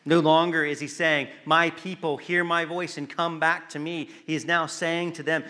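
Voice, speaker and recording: A man preaching a sermon, earnest and emphatic, pausing to stress words and sometimes restarting a phrase. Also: fairly high pitch, flat delivery, bright, forceful tone.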